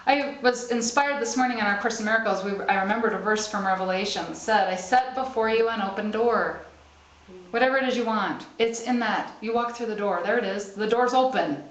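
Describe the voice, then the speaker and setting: A woman's voice: mid-range voice, fairly bright tone, slight background noise. A middle-aged woman speaker giving a live sermon to a small group, talking conversationally, laughing often and checking in with "right?". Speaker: spiritual speaker. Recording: roomy live stream recording.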